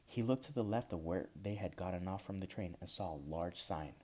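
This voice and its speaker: A man reading his own whimsical story aloud, gentle and unhurried with small restarts. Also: low voice. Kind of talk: storybook narration.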